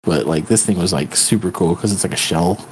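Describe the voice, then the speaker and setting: A man's voice: low voice, fairly quick, slight background noise. A man co-hosting a podcast, chatting loosely and profanely, retelling scenes with a laugh. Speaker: podcast co-host. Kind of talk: casual chat.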